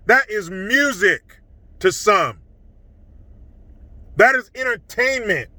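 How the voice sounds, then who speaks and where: Middle-aged male commentator, emphatic and scornful; high, very bright voice. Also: no room sound, poor audio. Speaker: political commentary vlogger. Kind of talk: opinionated monologue.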